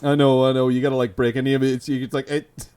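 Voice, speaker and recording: A man's voice: medium pitch, little pitch movement, fast talker, a little mellow, smooth. A man with a Belfast accent co-hosting a podcast, rambling through a comedic improvised bit with lots of restarts and giggles. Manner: rambling, self-interrupting, giggly. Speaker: podcast co-host. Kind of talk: comedic improvised sketch chat.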